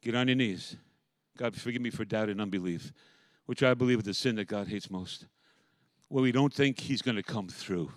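A man preaching a sermon as pastor, moving from quiet, reflective passages to loud, impassioned calls. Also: lowish voice, moderate pace, no room sound.

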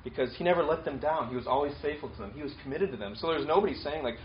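A man's voice: a little high, animated, racing, lo-fi sound, slight background noise. A male pastor preaching a conversational sermon, repeating his key points with casual fillers and restarts.

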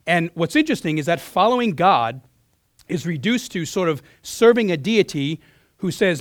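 A man preaching a sermon in a church as pastor, his voice hoarse from losing it, earnest, often restarting and clearing his throat. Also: a little high, expressive, a little fast, no room sound, studio quality.

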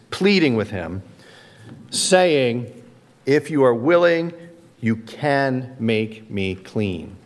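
A male pastor delivering a sermon at an unhurried pace. He talks conversationally and leans on key words for emphasis. His voice carries a long reverb, as in a large hall. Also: medium pitch. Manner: conversational preaching with dramatic emphasis.

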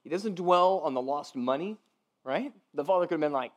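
A man preaching a sermon in a loose, conversational way, often asking "right?" and softening his voice when he voices the father. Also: a little high, lively intonation, normal speed. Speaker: pastor.

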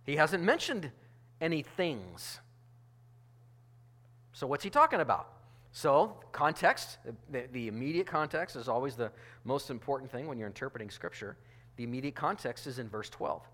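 A man's voice: mid-range voice, very animated, normal speed, a bit bright. A male pastor delivering a sermon in a conversational, emphatic way, often restarting his phrases.

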